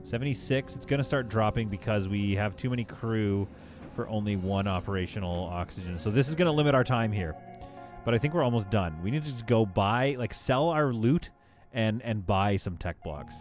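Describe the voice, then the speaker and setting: A man with a somewhat Canadian accent, chatting playfully through a live gameplay stream and answering his chat as he goes. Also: on the low side. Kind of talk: casual live gameplay commentary.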